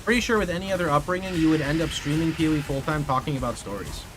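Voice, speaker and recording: A man's voice: a little high, very fast, over music. A man streaming live, telling rambling stories and chatting with his viewers in a loose, self-correcting way. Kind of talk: casual livestream chat, answering chat. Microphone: studio condenser mic. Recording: steady background noise. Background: steady noise.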